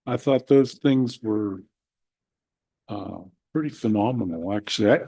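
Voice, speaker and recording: A man on a city council giving a halting, plainspoken report at a desk microphone in a council chamber. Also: lowish voice, creaky, dark tone, dry recording, low-quality recording.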